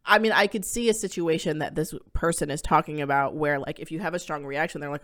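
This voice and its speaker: A woman co-hosting a podcast, telling a family story in casual chat, her voice jumping high in surprise. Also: fairly quick, fairly bright tone. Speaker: podcast co-host.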